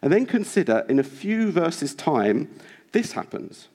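A man's voice: on the high side, big pitch swings, measured pace, darkish tone. A man preaching a sermon in church, earnest and exhorting, with many rhetorical questions. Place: church hall.

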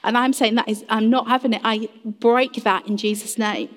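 A woman's voice: on the high side, steady tone, normal speed. A woman preaching a sermon in earnest, addressing the congregation directly and acting out quoted voices. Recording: long reverb of a large hall.

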